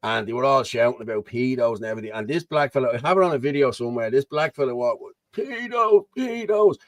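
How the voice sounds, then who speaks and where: A man's voice: medium pitch, fairly even intonation, rapid-fire, no echo. An Irish man talks over a video call in a rambling, blunt way, always circling back with "you know what I mean". His voice sits in the middle range. The sound is dry and close, with no room around it. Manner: rambling, blunt, keeps asking 'you know what I mean'. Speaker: host. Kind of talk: casual political chat over a video call.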